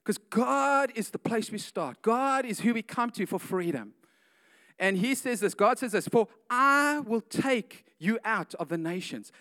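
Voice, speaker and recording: High-voiced preacher, slangy, animated. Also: male voice, a little slow. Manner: animated storytelling, slangy, frequent "man" and "guys". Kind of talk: casual sermon with acted-out story voices.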